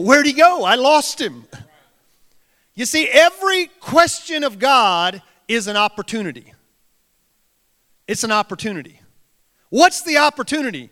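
Male pastor, very high and bright voice, preaches in a long-echo hall, drives points home with rhetorical questions. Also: very animated, unhurried, long pauses. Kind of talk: sermon. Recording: long reverb of a large hall.

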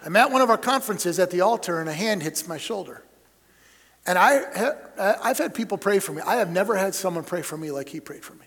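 A middle-aged man preaching a sermon to pastors, telling stories with emphatic peaks and soft, quiet asides. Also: high-pitched, animated, fairly quick, in a large hall. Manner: storytelling, emphatic then dropping to soft asides. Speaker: denominational superintendent preaching to pastors.

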